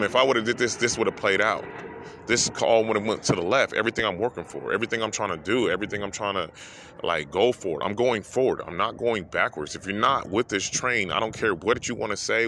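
A man's voice: fairly low pitch, sharp tone, a little hiss or hum. A man hosting a podcast, talking through an emotional personal story in a heartfelt, rambling way that repeats phrases, holding back tears. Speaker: podcast host.

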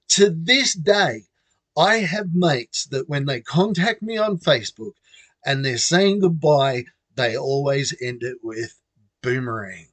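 Brief: Australian man, lively up-and-down storyteller, chuckles often, dry close sound. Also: medium pitch, slow, dry recording. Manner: animated, laughing between phrases. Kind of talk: comic personal anecdote.

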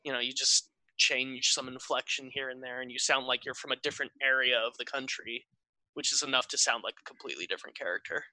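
Very bright-voiced man game master. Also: mid-range voice, fairly even intonation, fast, dry recording. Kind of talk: casual podcast chat.

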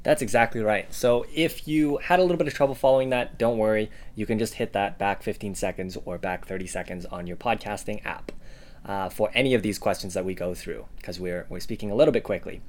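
A man's voice: on the low side, brisk. A man co-hosting a podcast lesson, friendly and encouraging, with a few fillers. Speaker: podcast co-host teaching Mandarin.

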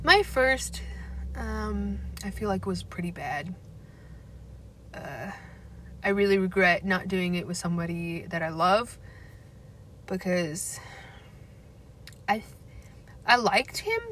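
A woman's voice: mid-range voice, expressive, takes it slowly, pauses often, a bit bright, slight background noise. A young woman ranting candidly, blunt and profane and laughing often. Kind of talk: candid casual rant.

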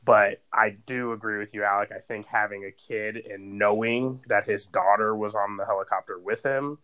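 A man with a somewhat low voice, chatting on a podcast. He rambles through a personal story with constant fillers and "like" in a casual, conversational way. Sounds like a guy in his thirties. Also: steady tone, moderate pace, pushed and bright, smooth, poor audio. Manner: rambling storytelling, heavy use of "like". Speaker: podcast co-host.

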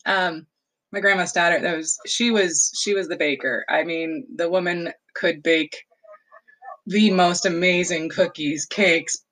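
A woman with a somewhat low voice tells a fond family memory in a loose, rambling way. She laughs often and fills her pauses with ums and uhs. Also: steady tone, fairly bright tone, poor audio. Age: adult. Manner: rambling, frequent laughter and fillers; fond, nostalgic recollection. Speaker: storyteller. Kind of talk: casual personal storytelling.

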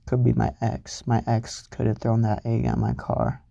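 A man's voice: medium pitch, very animated, moderate pace, vocal fry, mellow, dry recording. A young man hosting a solo podcast, rambling casually and swearing freely, mocking himself as he goes. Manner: rambling, profane, self-mocking. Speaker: podcast host.

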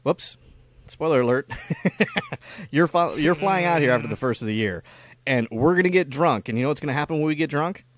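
A man's voice: a little high, animated, brisk. A man co-hosting a casual chat, rambling and swearing freely, often acting out squealing voices in his stories. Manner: profane, rambling, acts out squealing kid voices. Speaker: podcast co-host.

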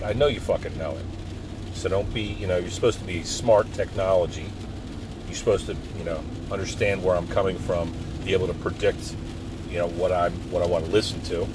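A middle-aged man talking in a casual, rambling monologue, profane and given to sudden loud outbursts. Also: sits low. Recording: loud road noise behind.

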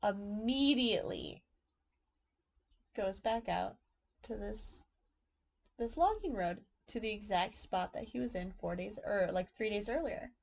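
A young woman co-hosting a podcast, telling a crime story in a casual, sarcastic way and loudly acting out the people she quotes. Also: medium pitch, animated, unhurried, vocal fry, pauses often.

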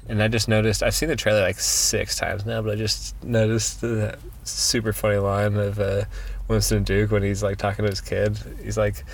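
A man's voice: fairly low pitch, level tone, moderate pace, gravelly. A man hosting a podcast in casual chat, rambling, laughing and trailing off mid-sentence. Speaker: podcast host.

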